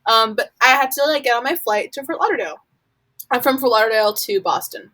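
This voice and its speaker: A woman's voice: fairly high pitch, expressive, fast talker, sharp tone, low-quality recording. A young woman from Florida telling a long story casually, rambling and filling her speech with "like" while acting out her own reactions. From Florida, USA. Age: young adult. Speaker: college student guest.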